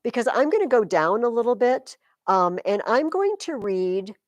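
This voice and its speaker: A woman teaching high school English, talking her class through poetry in a loose, chatty way. She sounds close and dry in the classroom. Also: sing-song, normal speed, no room sound, lo-fi sound. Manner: chatty, explains with sing-song rhythm examples. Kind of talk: classroom lecture.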